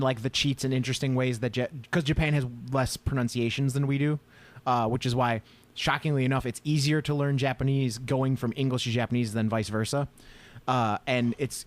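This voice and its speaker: A man co-hosting a casual gaming podcast, rambling with many restarts, fillers and swearing. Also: medium pitch. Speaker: podcast co-host. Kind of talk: casual chat.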